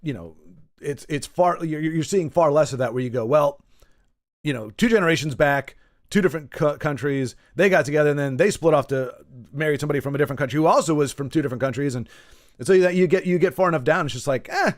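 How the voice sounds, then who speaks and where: A man's voice: a little high, fast, dry recording, studio quality. A man streaming a video game, chatting casually with viewers in a rambling, self-correcting way, with joking asides. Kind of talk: casual live-stream chat while gaming. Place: in Texas.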